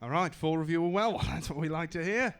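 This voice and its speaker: A man's voice: fairly high pitch, a little fast, clean tone. Young man in a put-on English accent. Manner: wry, self-mocking. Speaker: stand-up comedian. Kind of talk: stand-up set. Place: comedy club stage.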